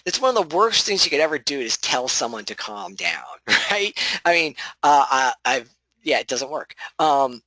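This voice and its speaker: Guy teaching a de-escalation class, chatty, restarts a lot, bright tone, dry sound. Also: mid-range voice, moderate pace, no room sound, poor audio. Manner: conversational, self-correcting, animated asides. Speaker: de-escalation trainer. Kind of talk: casual spoken training talk.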